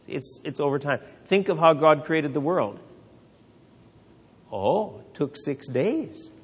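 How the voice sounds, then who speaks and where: A man's voice: mid-range voice, creaky, big-room sound, highs cut off. A man teaching a Bible class in a conversational way, asking rhetorical questions and taking questions from the group.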